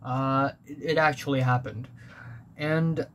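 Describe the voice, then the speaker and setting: A man's voice: medium pitch, fairly even intonation, a little slow, a bit bright. A young man telling a personal story in a rambling, confessional way, full of fillers and restarts. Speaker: vlogger. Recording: clear background noise.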